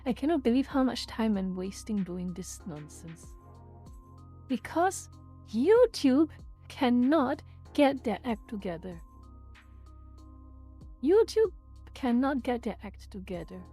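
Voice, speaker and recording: Brief: woman streamer, fairly high voice, mellow tone, exasperated and repetitive ranting. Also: very animated, takes it slowly, long pauses, breathy edge, faint music behind. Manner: exasperated, repeats herself, rants aloud. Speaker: livestream host. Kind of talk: casual livestream chat.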